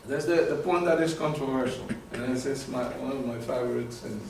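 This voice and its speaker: A man giving a live talk to an audience, animated and often repeating words as he searches for terms. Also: mid-range voice, fairly quick, a little hiss or hum. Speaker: presenter. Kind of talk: live lecture with audience questions. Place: meeting room with an audience. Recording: very echoey room from far off.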